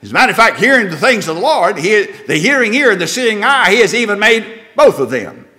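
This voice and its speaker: Lively, bright-voiced folksy preacher. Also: male voice, high voice, a little fast. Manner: folksy, conversational preaching with rhetorical questions. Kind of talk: sermon.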